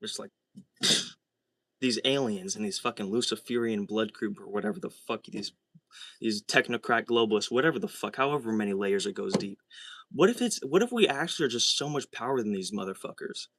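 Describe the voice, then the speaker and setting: A young man livestreaming alone, talking in a rambling, excitable way, full of fillers and swearing. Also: lowish voice, a little fast. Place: small soundproofed room.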